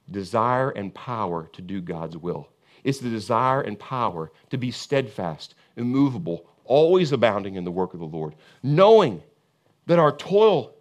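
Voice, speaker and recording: Impassioned man preaching a sermon. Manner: preaching with big swings from booming emphasis to hushed intensity; impassioned, repetitive cadence. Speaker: pastor.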